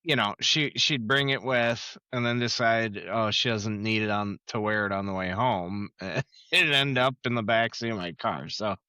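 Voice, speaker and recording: A man co-hosting a podcast in casual chat, rambling with frequent laughs and halting restarts. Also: fairly low pitch, pushed and bright, clean tone, no room sound. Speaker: podcast co-host.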